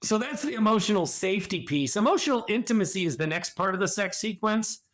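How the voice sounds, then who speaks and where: A middle-aged man with a somewhat high voice speaks earnestly on a podcast. He explains at length, often restarting and adding "you know". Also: expressive, fast, a bit bright. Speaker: podcast guest, addiction and sexual health counselor. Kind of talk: conversational podcast interview.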